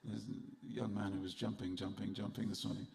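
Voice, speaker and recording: Gravelly man giving a humorous sermon. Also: lowish voice, fairly even intonation, a little fast, darkish tone. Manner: humorous storytelling, addresses the audience directly. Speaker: speaker at a temple festival. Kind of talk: festival sermon. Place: temple hall with audience.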